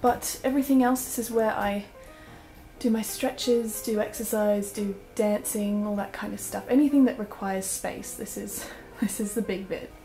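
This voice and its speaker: A young Australian woman vlogger, her accent drifting toward British, gives a casual tour of her small apartment, chatting with fillers and giggles. Her voice is medium-pitched and a little mellow. The room sounds echoey, with faint music in the background.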